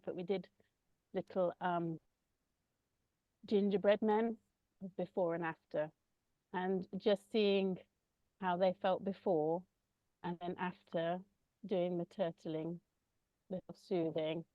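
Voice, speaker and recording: A woman gently describing her children's massage work, pausing often with ums. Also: fairly low pitch, no room sound, dull audio. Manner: gentle, hesitant with many ums. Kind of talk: casual conversational sharing.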